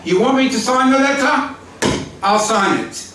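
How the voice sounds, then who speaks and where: A man acting out a furious, forbidding father who shouts with a sharply raised, swinging pitch. The voice echoes strongly around a large hall and is picked up from some distance, with a faint hum behind it. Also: expressive, moderate pace. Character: furious stubborn middle-aged father, fearful and forbidding.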